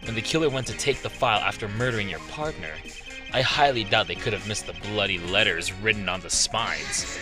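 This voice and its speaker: A man voicing a cool, haughty male prosecutor who speaks in a measured, formal, condescending way. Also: fairly low pitch, over music, voice pushed down, lightly acted. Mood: cold.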